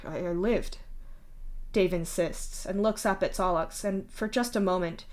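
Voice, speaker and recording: Woman reading a fic out loud, steady narration, middle pitch. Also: normal speed. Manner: steady second-person narration. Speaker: fanfiction reader. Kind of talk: reading fanfiction aloud.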